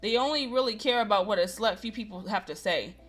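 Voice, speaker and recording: A woman's voice: medium pitch, quick pace, faint music behind, natural voice. Woman reading as a smug young nobleman. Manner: condescending. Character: smug arrogant young male aristocrat. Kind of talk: reading a visual novel aloud.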